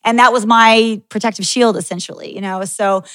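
A woman's voice: on the high side, steady tone, fairly quick, a bit bright, dry recording. Casual woman podcast host, dry sound. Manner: candid, swears, laughs often. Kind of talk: casual interview chat.

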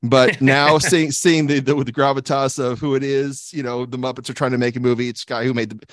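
A man's voice: medium pitch, fairly even intonation, fairly quick, no room sound, clean studio sound. A man co-hosting a casual movie podcast, rambling and laughing often, with many restarts. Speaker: podcast co-host. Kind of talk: casual chat about movies.

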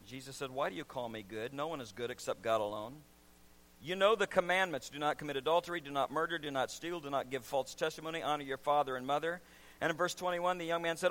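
A man preaching a sermon as pastor, swinging from quiet, low asides to loud, shouted emphasis. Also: brisk.

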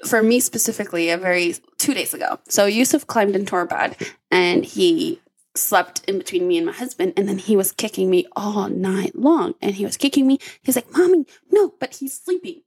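Woman, mother, casual podcast chat, animated storyteller, husky edge. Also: mid-range voice, normal speed. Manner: animated storyteller, exclaims and asks questions. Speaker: podcast co-host.

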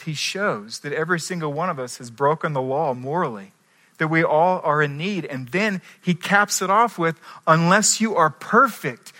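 Man, pastor, sermon, earnest preaching, higher pitch, bright tense tone. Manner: earnest preaching, shifting between soft asides and emphatic climaxes.

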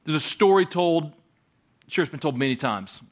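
A man preaching a conversational sermon, often halting and repeating words as he goes. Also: on the high side, lively intonation. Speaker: guest preacher.

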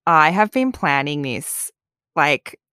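A woman's voice: low-pitched, very animated, slow, sharp tone, smooth, no room sound, clean studio sound. A young woman, co-hosting a podcast in easygoing chat and laughing often. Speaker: podcast co-host. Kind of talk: casual chat. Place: abroad, recording remotely.

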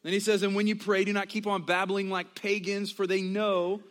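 High-voiced young man preaching a sermon. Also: level tone, a bit bright. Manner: conversational preaching with quick asides and acted quotes. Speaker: pastor.

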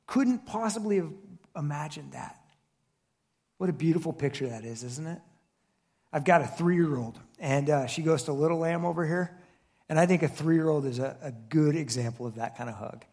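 A pastor in his thirties preaches in a relaxed, conversational way, his fairly high voice carrying a gravelly fry. He often stops to ask rhetorical questions and restarts his phrases. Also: normal speed. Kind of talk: sermon.

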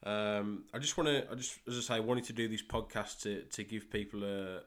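A young man with a West Midlands English accent, hosting a solo soccer podcast and talking in a halting way with many fillers and repeated words. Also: on the low side, fairly even intonation, fairly bright tone. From England. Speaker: podcast host and soccer coach.

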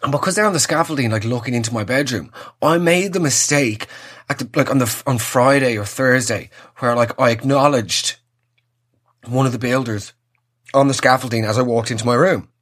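A man's voice: medium pitch, normal speed, a bit bright. A young Irish man hosting his podcast, ranting in a sarcastic, exasperated comic monologue. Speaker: podcast host. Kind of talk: casual comedic monologue.

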